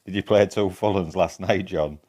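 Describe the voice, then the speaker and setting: A man's voice: low-pitched, steady tone, moderate pace, warm tone. A man with a broad Yorkshire accent chatting casually with viewers while streaming a game, swearing freely and bantering. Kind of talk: casual live-stream chat.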